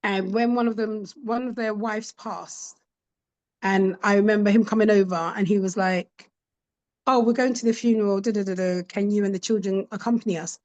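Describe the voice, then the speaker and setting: A woman's voice: medium pitch, fairly even intonation, moderate pace, darkish tone, highs cut off. A woman, a podcast guest telling stories in a casual chat and acting out the voices of the people she quotes. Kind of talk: casual storytelling interview.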